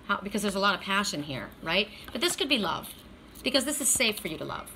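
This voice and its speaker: A woman's voice: mid-range voice, very animated, fast, bright, forceful tone, a little hiss or hum. A woman doing a casual weekly oracle card reading, talking bluntly, swearing freely and checking in with "right?".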